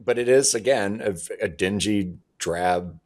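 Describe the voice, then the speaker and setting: A man's voice: lowish voice, a little slow, darkish tone. A man co-hosting a casual podcast, chatty and a little exasperated as he picks over details. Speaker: podcast co-host.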